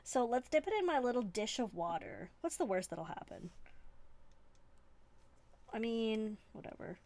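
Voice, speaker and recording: A woman's voice: on the high side, very animated, measured pace, a little mellow. A woman from Canada hosting a live stream, chatting in a rambling, playful, self-mocking way from a desk indoors. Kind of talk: casual live-stream chat.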